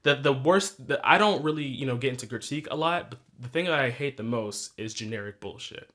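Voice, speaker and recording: A man's voice: medium pitch, animated, brisk, fairly bright tone. Rambling, profane young man reviewing music. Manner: rambling, profane, self-correcting, laughs at himself. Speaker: podcast host reviewing new music. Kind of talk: casual solo music review.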